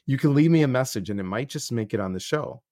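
Talking fast at a medium pitch, a middle-aged life coach and podcast host recounts stories in a casual interview. The studio audio is clean without echo, and he's earnest and animated, playing out others' words.

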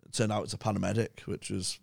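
A man's voice: fairly low pitch, fast, creaky, dry recording, studio quality. A young English man, a podcast guest, telling rambling, swear-filled stories in casual chat. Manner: swears a lot, rambling animated anecdotes.

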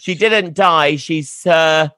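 A man hosting and running commentary on a party game, lively and often laughing. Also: a little high, slow pace, no echo. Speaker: host.

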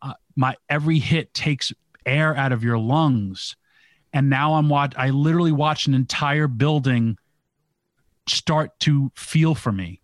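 A man's voice: medium pitch, unhurried, dry recording. Man telling a vivid story. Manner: vivid storyteller, filler "like" and "literally". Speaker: podcast co-host telling a story. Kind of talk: casual storytelling.

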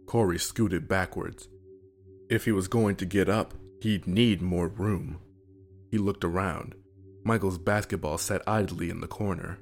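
A man narrating a scripted horror story in a measured, somber way. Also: low voice, fairly even intonation.

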